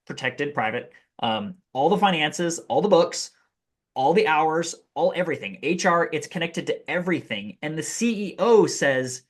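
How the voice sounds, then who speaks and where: A man with a mid-range voice talks as a podcast guest, explaining things energetically and casually. He piles up examples and rough fillers as he goes. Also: mid-range voice, a bit bright. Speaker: podcast guest, business AI consultant. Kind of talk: casual interview chat.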